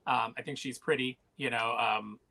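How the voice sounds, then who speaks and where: A man co-hosting a podcast in casual chat, animated and quick to mimic other people. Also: mid-range voice, creaky. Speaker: podcast co-host.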